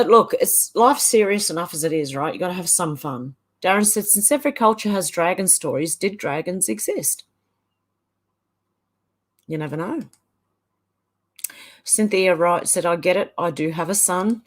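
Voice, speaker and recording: Reading the live chat aloud on a casual livestream, this Irish host is chatty and laughs a lot, giving the comments a sing-song delivery. Her voice is fairly low and expressive, moving at a normal speed with long pauses.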